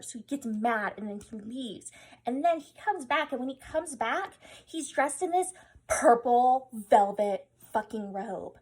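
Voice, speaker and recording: Drunk woman, fairly high voice, rambling comedic storytelling, slangy, profane, filler-heavy. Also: lively intonation, a little slow, darkish tone, slightly rough. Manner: rambling and giggly, full of "like" and "oh my God". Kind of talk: tipsy comedic history retelling.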